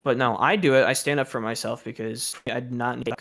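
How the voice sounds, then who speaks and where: A man's voice: medium pitch, steady tone, a little fast, gravelly, fairly bright tone. Young man ranting casually about work. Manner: aggrieved, swearing, exasperated. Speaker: streamer. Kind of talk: casual storytelling rant.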